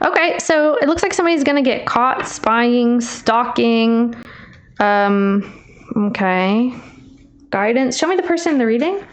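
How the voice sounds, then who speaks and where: Casual tarot lady, kinda high voice, teasing and chatty, calls you babe. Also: expressive, unhurried. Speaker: tarot reader.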